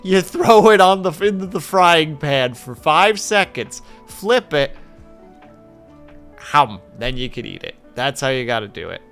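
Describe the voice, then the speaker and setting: A man streaming and telling stories in casual chat, animated and quick to swear. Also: on the high side, faint music behind.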